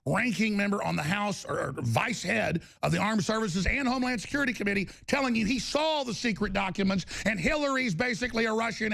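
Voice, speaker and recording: A male talk radio host holds forth in a heated, insistent rant and hammers his points again and again. His voice sits fairly high and has a rough, gravelly edge. The sound is close and dry. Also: a bit bright, no echo. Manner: heated, emphatic ranting with repetition.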